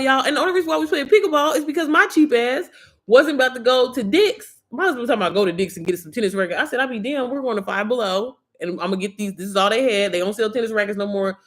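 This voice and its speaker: A woman chatting on a livestream from her phone, rambling, emotional and swearing freely. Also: a little high. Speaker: live streamer. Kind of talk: casual livestream chat.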